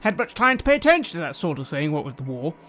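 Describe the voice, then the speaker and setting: A man with a fairly high voice playing a tabletop game. He speaks in a measured, careful way, thinking aloud about his character's choices. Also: very animated, sharp tone, soft background music. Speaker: player.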